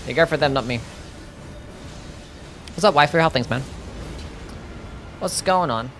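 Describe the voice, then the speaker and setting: A man's voice: fairly high pitch, animated, a little slow, a bit bright. A young man streaming a game live, talking casually, swearing and reading chat aloud. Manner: laid-back, swears, reads chat aloud. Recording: faint music behind.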